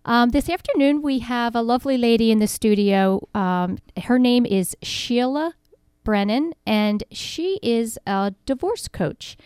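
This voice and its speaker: A woman's voice: fairly high pitch, animated, measured pace, few pauses, smooth, no room sound, studio quality. A woman hosting a local radio talk show, chatty and full of ums. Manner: chatty, warm laughs, many ums. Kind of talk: radio interview. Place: radio studio.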